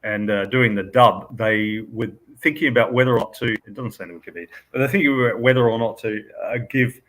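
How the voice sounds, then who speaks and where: An Australian man co-hosting a casual live-stream chat, speaking hesitantly with many pauses and short laughs. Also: mid-range voice, a bit bright, rough recording. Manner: hesitant, lots of ums and quick laughs. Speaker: co-host.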